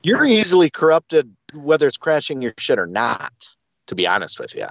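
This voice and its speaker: A man's voice: a little high, huge pitch swings, normal speed, vocal fry, a bit bright, no echo, dull audio. A man from central Wisconsin, a podcast guest in casual chat, joking and self-deprecating.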